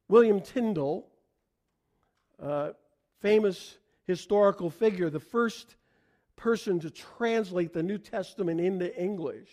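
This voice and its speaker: A middle-aged man from the United States preaching a sermon in a conversational way, asking the congregation questions. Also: high voice. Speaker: pastor.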